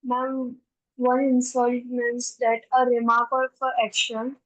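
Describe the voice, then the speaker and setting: A woman's voice: on the high side, level tone, slow, a bit bright, no room sound, poor audio. A young woman student with an Indian English accent answering in class, hesitant, mixing English and Hindi.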